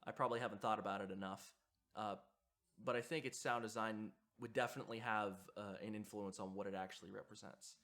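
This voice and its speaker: A man's voice: on the low side, steady tone, fast talker, fairly bright tone. A man hosting a video essay, giving reflective commentary in a hesitant way with frequent fillers and restarts. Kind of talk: reflective commentary on horror sound design.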